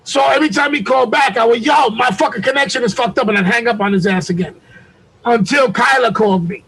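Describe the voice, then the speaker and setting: A man's voice: very high-pitched, fast talker, fairly bright tone, slightly rough, low-quality recording. A man on a video call recounting a story in a profane, heated way, acting out what people said. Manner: profane, heated retelling with acted-out quotes. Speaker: podcast co-host. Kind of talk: animated storytelling.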